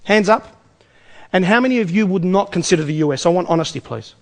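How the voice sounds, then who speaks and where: Man, Australian accent, seminar presenter, rapid talker, high voice, energetic, rhetorical questions to audience. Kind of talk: live investment seminar pitch. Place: in front of a live audience.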